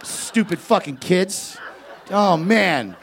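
A young man doing stand-up, telling a story with lots of energy, shouting out other people's lines and laughing as he goes. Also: sits high, slow pace, creaky, a faint crowd. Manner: animated, shouts kid voices, laughs at own story. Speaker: stand-up comedian.

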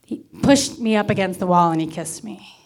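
A woman's voice: medium pitch, normal speed. Wry woman telling a personal story. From Miami, Florida. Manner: wry, candid, deadpan comic timing. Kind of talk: personal story told to a live audience.

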